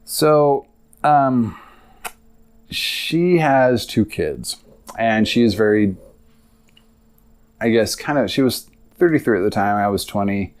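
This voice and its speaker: A man's voice: fairly low pitch, lively intonation, slow pace, pauses often. Rambling young man telling a story. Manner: rambling, casual, lots of filler and asides. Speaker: podcast host. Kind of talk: personal storytelling monologue.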